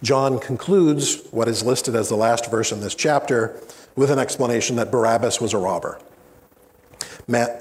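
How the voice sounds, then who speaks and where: A man preaching a sermon as pastor, slow and deliberate with dramatic pauses. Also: mid-range voice. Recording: long hall reverb.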